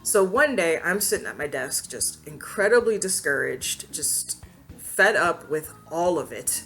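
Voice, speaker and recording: A woman vlogger hosting her own channel, telling a personal story to camera in a casual, expressive way, laughing often and acting out what people said. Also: deep voice, a little slow, soft background music.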